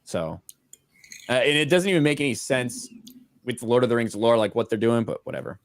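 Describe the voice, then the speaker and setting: A man's voice: mid-range voice, animated, a little fast, no room sound. A man hosting a casual livestream, reading viewers' donated messages aloud and swearing casually. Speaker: host reading super chats.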